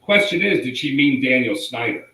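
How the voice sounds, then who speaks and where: A man's voice: medium pitch, lively intonation, moderate pace, sharp tone. A man co-hosting a live talk show, bantering with jokes and teasing. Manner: teasing, jokey. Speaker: co-host, magazine publisher. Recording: roomy echo.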